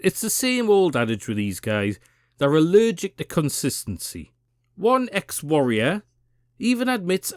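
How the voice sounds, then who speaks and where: A Geordie man delivers a combative political rant, full of swearing and scornful jabs. His voice is slightly high and very animated, climbing and plunging as he goes. The sound is dry and close. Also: moderate pace, no echo. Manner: profane, sarcastic, combative. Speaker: political commentary channel host.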